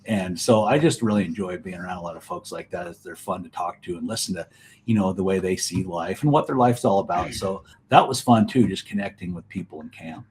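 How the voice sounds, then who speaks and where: A man's voice: deep voice, fairly quick, darkish tone, a little hiss or hum. A man guest on a hunting podcast, telling rambling anecdotes in casual conversation over a remote call. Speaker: guest, elk hunting expert.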